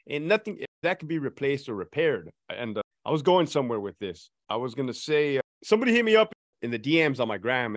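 A man's voice: medium pitch, dry recording, clean studio sound. A man as a podcast guest, speaking bluntly and profanely, fired up. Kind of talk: casual podcast chat.

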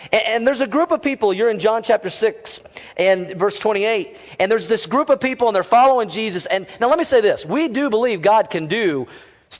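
Male pastor, high voice, sermon with call-and-response, reverberant church hall. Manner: storytelling, calls on the congregation to respond. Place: church auditorium.

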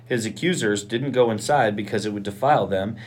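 Low-pitched guy reading bible passage, even and measured. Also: husky. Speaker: podcast co-host reading scripture. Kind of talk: alternating Bible reading aloud.

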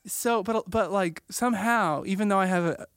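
A man's voice: sits high, moderate pace, over a noisy crowd. A man from Southwest Missouri hosting a podcast, rambling and joking with guests. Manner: rambling, jokey, laughs often. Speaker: podcast host. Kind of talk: casual interview chat.

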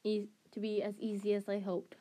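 A woman reads a children's novel aloud, narrating steadily at a middle pitch. She often trips over a word and restarts the phrase, like an amateur reader sharing chapters. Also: completely flat delivery, moderate pace, mellow. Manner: restarts and self-corrections. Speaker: storybook reader.

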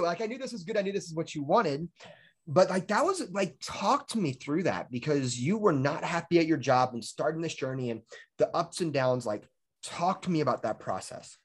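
A man's voice: fairly high pitch, a little fast, husky. A man in his twenties hosting a podcast as a fitness coach, telling stories with lots of "like" and laughter. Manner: energetic storyteller, fillers of "like", laughs often. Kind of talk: casual podcast chat.

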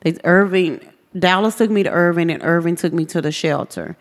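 A woman with a drawl recounts her own story as a podcast guest, her voice sitting a little low. She tells it earnestly and slips into the voices of the people she quotes. A long reverb trails behind her words. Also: brisk. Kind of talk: personal testimony in a podcast interview.

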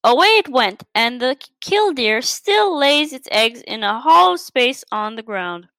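A woman's voice: sits high, big pitch swings, unhurried, sharp tone, no room sound. A woman reading a children's storybook aloud, carefully, with frequent stumbles and restarts. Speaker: story reader.

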